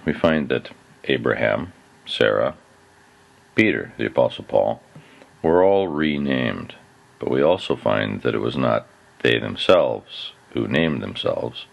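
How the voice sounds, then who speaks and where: A man hosting a podcast, reading a scripted, reflective story in a measured, gently skeptical way. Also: very deep voice, gravelly, no room sound. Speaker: podcast host.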